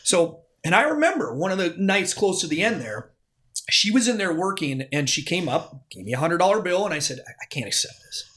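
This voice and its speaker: A man's voice: sits high, big pitch swings, a little fast, fairly bright tone. A man, a podcast guest telling a long story in casual conversation, often restarting and acting out what people said. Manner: rambling, restarts, acts out quoted dialogue. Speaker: podcast guest, former club DJ.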